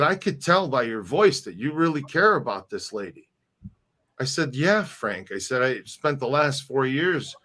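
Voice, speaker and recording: A middle-aged podcast co-host with a slightly bright, mid-range voice chats casually on a live stream. He tends to ramble, restarting his sentences and repeating himself.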